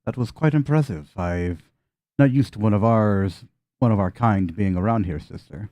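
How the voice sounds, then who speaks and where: A man voicing a sly, menacing prioress woman who speaks with smooth, gloating courtesy in a tabletop game. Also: lowish voice, moderate pace, a little mellow, no echo, lightly acted.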